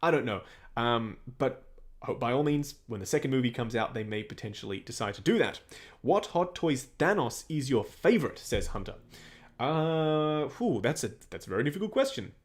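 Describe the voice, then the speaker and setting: A man's voice: medium pitch, big pitch swings, moderate pace. A young Australian man hosting a casual livestream, reading viewer questions aloud and answering them in a chatty way. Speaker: livestream host answering chat.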